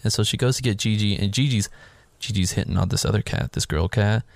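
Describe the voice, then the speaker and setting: A man's voice: lowish voice, fast talker, gravelly, no room sound, studio quality. A man casually recapping a film on a podcast, rambling through the plot and acting out the characters' lines, with plenty of swearing. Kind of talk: casual chat.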